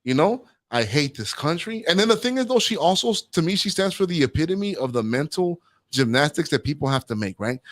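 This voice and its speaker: A man's voice: on the high side, very animated, fairly quick, no room sound. Guy hosting a chatty opinion show, rambles a lot, keeps asking right?, dry close sound. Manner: rambling, opinionated, tags lines with "right?" and "man". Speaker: host. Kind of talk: casual opinion talk show.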